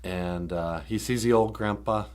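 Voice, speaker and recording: A man's voice: lowish voice, measured pace, a little mellow. A man hosting a live stream, casually retelling a story with jokes and lots of fillers. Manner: rambling, joking, many fillers.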